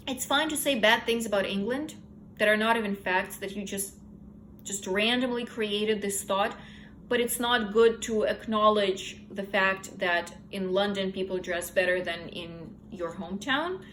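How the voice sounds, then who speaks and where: A woman's voice: mid-range voice, unhurried, fairly bright tone, slight background noise, rough recording. A young woman casually recapping a novel's plot in her own words, candid and opinionated. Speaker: book reviewer. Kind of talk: casual book review chat.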